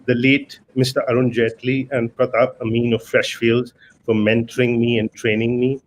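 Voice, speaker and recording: A man's voice: medium pitch, slight background noise, low-quality recording. A man, a lawyer giving a formal, dryly self-deprecating acceptance speech over a video call. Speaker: award winner, lawyer.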